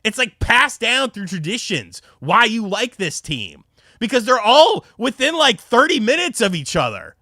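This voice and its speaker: A man's voice: extremely high pitch, sing-song, unhurried, pushed and bright, no room sound, clean studio sound. A young man from North Carolina, chatting on a casual livestream and telling rambling, profane stories full of fillers. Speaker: streamer.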